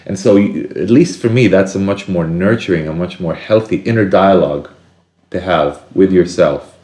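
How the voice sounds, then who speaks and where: Earnest male guest, low voice, reflective chat, roomy sound. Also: normal speed, dark tone. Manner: earnest, acts out inner voices with sudden high bursts. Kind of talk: reflective casual conversation.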